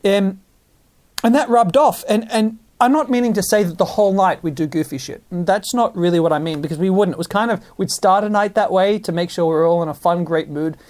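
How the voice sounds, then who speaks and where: A man, possibly, telling stories in a casual monologue, animated and full of restarts. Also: high voice, a little fast. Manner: animated storytelling with many restarts.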